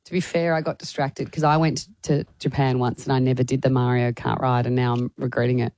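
A woman's voice: a bass voice, flat delivery, a little fast, darkish tone. A woman co-hosting a radio game show, chatting with callers in a mock-skeptical way. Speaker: radio co-host. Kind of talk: playful radio banter. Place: radio studio.

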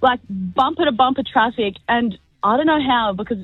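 A woman's voice: fairly high pitch, animated, normal speed, breathy edge, no room sound. Chatty Australian young woman on the phone. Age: 20s. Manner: chatty, uses "like" a lot. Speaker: caller. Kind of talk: phone-in storytelling. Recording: tinny dry phone line.

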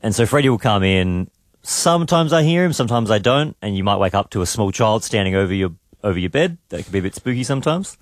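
A man's voice: lowish voice, fast, no echo, studio quality. A man, hosting a morning radio show and telling a family story in casual chat. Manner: storytelling, animated quoting of his son. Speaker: radio host. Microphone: studio mic.

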